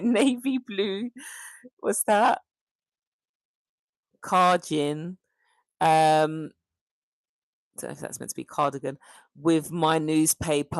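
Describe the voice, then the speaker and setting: Chatty British woman, low voice, dry sound. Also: no echo. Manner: chatty, warm to viewers, animated laughs and pitch jumps. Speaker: livestream host. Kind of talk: casual livestream chat reading comments.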